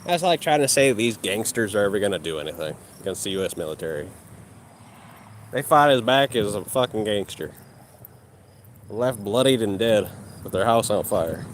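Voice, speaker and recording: A man's voice: fairly low pitch, lively intonation, normal speed, long pauses, slight background noise. A man in a heated live-stream rant, arguing with and insulting chat. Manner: combative, insulting, mocking.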